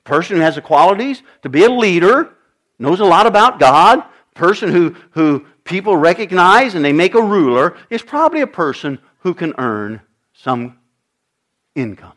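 A man's voice: high voice, sing-song, moderate pace, a bit bright. An older man preaching a sermon to his congregation, emphatic and repetitive, often asking his listeners questions. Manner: emphatic, repeats phrases, asks the congregation questions. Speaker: pastor.

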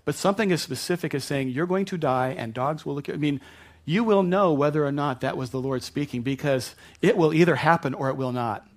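A man's voice: a little high, fairly quick. A man preaching a sermon, retelling a Bible story in a conversational way with asides to the congregation. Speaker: pastor.

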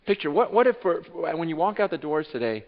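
A man preaching a sermon as pastor, animated and repeating his words, swinging from hushed to loud. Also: fairly high pitch, fast. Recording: dull sound with long hall reverb.

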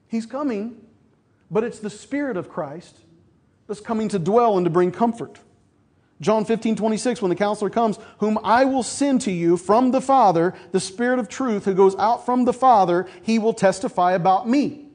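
A man preaching a sermon as pastor, asking his congregation questions and answering them, building to loud emphasis and then dropping soft. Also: high voice, fairly quick.

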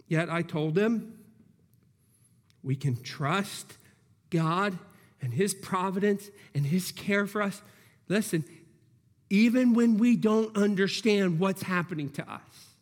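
A man with a high-pitched voice preaches a sermon in a church hall with a long reverb. He works through his points earnestly, restarting phrases as he reasons aloud. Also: slow pace, long pauses. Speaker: pastor.

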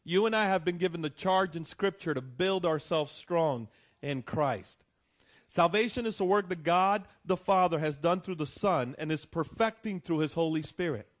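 A man preaching in a slightly higher register than most men. He talks to the congregation in an easy, conversational way, often asking "right?" and circling back to repeat his points. At times he presses a line harder for emphasis. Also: normal speed. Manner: conversational preaching with frequent "right?" and restarts, rising to emphatic peaks. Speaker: pastor. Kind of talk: sermon.

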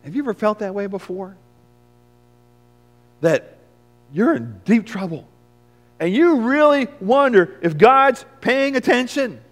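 A man preaching a dramatic first-person sermon as a weathered, shaken fisherman disciple, storytelling in swings from hushed to loud. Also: sits high, sing-song, a little slow, pauses often. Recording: long reverb of a large hall.

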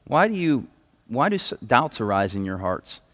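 A man's voice: mid-range voice, sing-song, normal speed, a bit bright. A man preaching a sermon as a pastor in a casual, enthusiastic way, reading scripture aloud. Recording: hall reverb.

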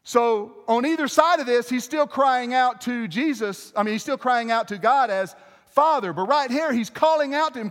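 High-voiced male preacher in a hall. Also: moderate pace. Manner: conversational preaching with restarts and asides to the congregation. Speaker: pastor. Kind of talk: sermon.

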